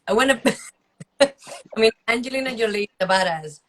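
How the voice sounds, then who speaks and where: A woman's voice: a little high, expressive, takes it slowly, fairly bright tone. A woman being interviewed, answering candidly and laughing often. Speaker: guest, dancer and magician. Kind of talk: casual interview chat.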